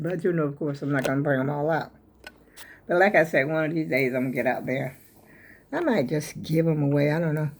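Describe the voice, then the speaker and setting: Older grandma, kinda low voice, rambling and out of breath, calls everyone y'all. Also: female voice, fairly quick. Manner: chatty, rambling, folksy, addresses viewers as y'all. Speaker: vlogger showing her crochet. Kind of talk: casual chat to camera. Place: at home.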